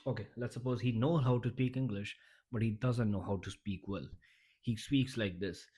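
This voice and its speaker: A man's voice: fairly low pitch, steady tone, moderate pace, dark tone, slightly rough. A man giving a motivational vlog talk in an emphatic, repetitive and blunt way, often restarting his sentences. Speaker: YouTuber.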